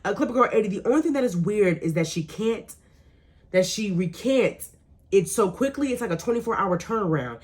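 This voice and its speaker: A woman's voice: medium pitch, slightly rough. A young adult woman hosting a radio show, chatting casually and animatedly while reading live comments. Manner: animated, laughing, emphatic repetition.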